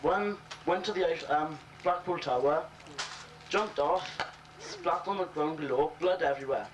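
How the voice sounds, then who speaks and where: A man's voice: a little high, a little slow. Man telling crude jokes, far off. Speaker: joke teller. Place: social club gathering. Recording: distant room recording with crowd noise.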